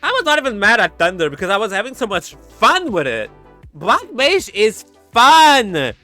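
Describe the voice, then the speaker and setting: A man streaming in a casual chat, animated and giggly, breaking into sound effects. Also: high-pitched, normal speed, soft background music.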